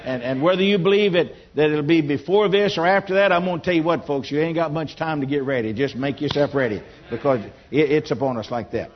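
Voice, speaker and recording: Older Southern male preacher, homespun storyteller, slightly high voice, dull lo-fi recording. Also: fairly quick, hardly any pauses. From Louisiana. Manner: storytelling, homespun, rising to emphatic bursts. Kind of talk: folksy testimony sermon. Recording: dull lo-fi sound.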